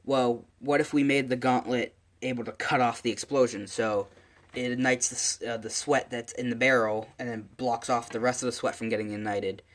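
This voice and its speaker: A man's voice: medium pitch, steady tone, moderate pace, close to an everyday voice. A man voicing a brash teenage boy in a casual retelling, blunt and plain-spoken. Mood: thinking.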